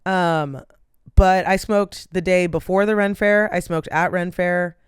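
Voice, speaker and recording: Young woman podcast host, tired and yawning, loose rambling chat; very smooth, resonant tone, dry close sound. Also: lowish voice, steady tone, measured pace, no room sound. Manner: rambling, lots of "like" and "um". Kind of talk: casual solo chat.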